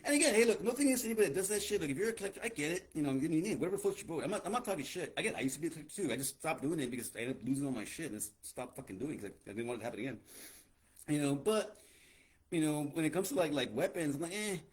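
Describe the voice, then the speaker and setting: A man co-hosting a podcast in casual, profane banter, animated and quick to laugh, with a husky voice. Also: a little high. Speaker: podcast co-host.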